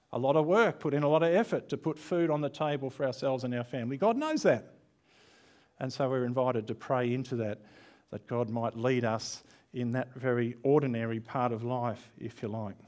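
A man delivering a sermon in a relaxed, conversational tone. His voice sits at an ordinary middle pitch, and he talks candidly with the congregation, dropping in self-deprecating asides. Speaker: preacher. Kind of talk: online church sermon.

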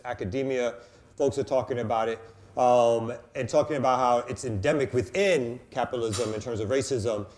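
A male show host in casual chat, loose, profane and joking, who stretches out long questions. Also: medium pitch.

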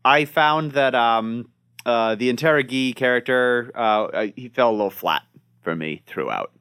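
A man's voice: mid-range voice, normal speed, clean tone. Chatty male podcast host. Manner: relaxed, chatty, leads the talk. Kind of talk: casual podcast discussion.

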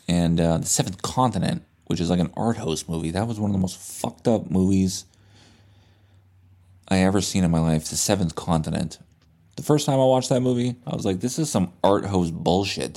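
A man hosts his podcast and retells a movie in a loose, swearing storytelling style. His voice is low and deep, with a mellow, relaxed tone. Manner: profane, animated retelling with restarts. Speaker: podcast host. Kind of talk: casual storytelling chat.

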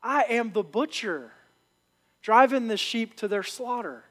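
A matter-of-fact male butcher, voiced by a preacher telling a story. He answers plainly, in a very high voice that keeps a lively rise in it. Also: a little slow, exaggerated voice. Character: blunt male butcher driving sheep.

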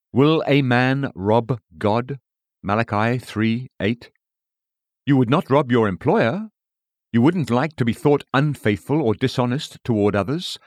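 A man's voice: mid-range voice, no echo, studio quality. A man reading an old-fashioned sermon aloud in an earnest, pleading manner. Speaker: preacher. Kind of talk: read sermon.

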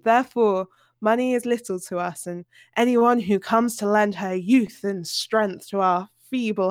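A woman's voice: mid-range voice, no room sound, clean studio sound, natural voice. A woman reading out a frail, self-pitying man in a whiny, wheedling voice.

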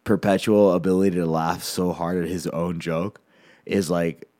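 A man chatting casually on a video call, laid-back and trailing off quietly at the ends of sentences. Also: deep voice, little pitch movement, normal speed, dry recording, clean studio sound. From Hispanic family, US. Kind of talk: casual chat.

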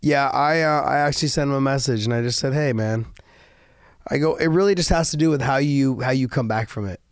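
A man's voice: mid-range voice, brisk, no echo, studio quality. A man co-hosting a casual talk show, eager and stumbling over restarts. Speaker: co-host. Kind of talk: casual podcast chat.

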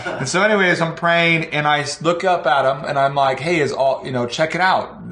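A man telling a church story with animated energy, acting out the people in it and laughing as he goes. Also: a little high, moderate pace, crowd noise. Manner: lively, acts out the voices in his story, laughs as he tells it. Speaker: pastor telling a testimony. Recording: echoey room.

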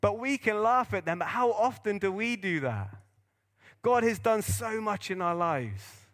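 A male pastor preaching a sermon to his congregation in an earnest, animated storytelling manner. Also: high voice, unhurried.

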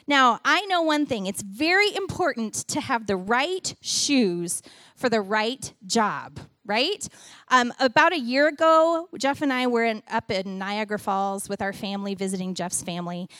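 A middle-aged woman giving a sermon with a children's object lesson, animated and playful as she talks to the kids and the congregation. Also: fairly high pitch, a little slow, no echo, clean studio sound. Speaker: church speaker giving a children's message.

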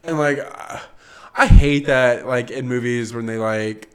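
A young man co-hosts a casual podcast and chats about a film. He talks in a loose, laid-back way and swears freely. His voice sits at an ordinary middle pitch. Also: a little slow. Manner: relaxed, loose, sprinkled with swearing. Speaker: podcast co-host. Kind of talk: casual chat recapping a film.

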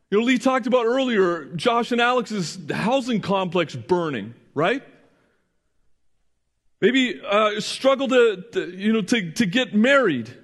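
A man's voice: high voice, a bit bright, in a large hall. A middle-aged man preaching a sermon, earnest, often asking the congregation questions and checking in with "right?". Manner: frequent restarts and "right?" checks. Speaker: pastor.

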